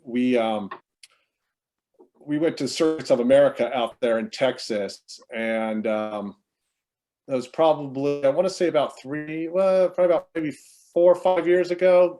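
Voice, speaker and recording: A man's voice: a little high, mellow. Rambling man telling a story on a call. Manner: rambling, many fillers and restarts. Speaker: brother of the deceased. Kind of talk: memorial storytelling on a video call. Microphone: video call.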